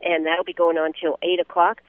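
A man hosting a live radio remote from a golf tournament, talking in a fairly high voice for a man. He is chatty and promotional and leans on filler words. The sound is tinny and phone-like, very dry, with no room sound. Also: monotone, fairly quick, dry recording. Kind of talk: live on-site radio chat. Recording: tinny phone-line audio.

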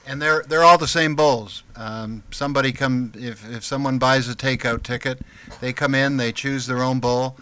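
A man speaking as a radio guest in a halting way, with frequent restarts. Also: mid-range voice, steady tone, sharp tone, clean tone, no echo. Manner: halting, many restarts and fillers. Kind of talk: casual interview talk.

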